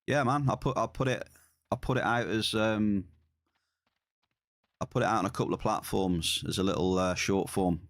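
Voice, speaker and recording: A man's voice: fairly low pitch, moderate pace, long pauses, no echo, studio quality. A man streaming a game, chatting casually with viewers and often repeating his words as he plays.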